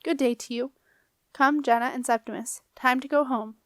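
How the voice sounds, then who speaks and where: A woman voicing a stern, haughty woman wizard in a storybook reading, with a crisp, commanding manner. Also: sits high, steady tone, moderate pace, fairly bright tone, dry recording, clean studio sound. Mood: cold haughty.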